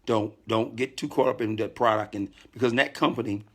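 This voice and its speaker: A middle-aged man hosting a casual live stream from a hotel room, talking calmly, greeting viewers by name and often repeating himself. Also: medium pitch, a little fast. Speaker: network marketing leader hosting a live stream.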